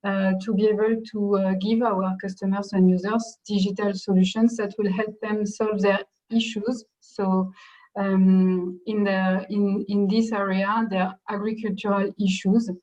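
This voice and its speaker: A woman's voice: mid-range voice, little pitch movement, a little slow, darkish tone. A woman with a French accent introduces herself as a product manager on a panel, speaking with many fillers. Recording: dull lo-fi call audio.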